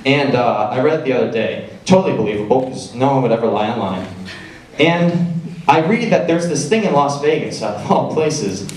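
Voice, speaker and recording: A young man performs a stand-up set on a talent show stage, spinning a story with a deadpan delivery and quick, playful shifts of voice. He is heard from some way off, and his voice rings around a large echoing hall. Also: mid-range voice. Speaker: stand-up comedian. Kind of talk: stand-up comedy routine. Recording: echoey hall, voice from far off.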